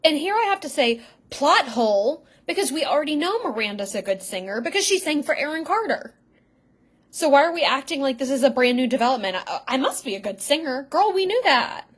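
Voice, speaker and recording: A woman's voice: sits high, very animated. Wisecracking young woman co-host. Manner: wisecracking, quick to laugh. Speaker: podcast co-host. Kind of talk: casual chat.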